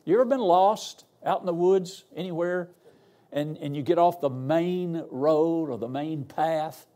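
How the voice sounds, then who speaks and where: A man's voice: a little high, a little slow, mellow. An older man, a guest pastor preaching a sermon in a folksy, humorous, storytelling way. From Arkansas. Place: church.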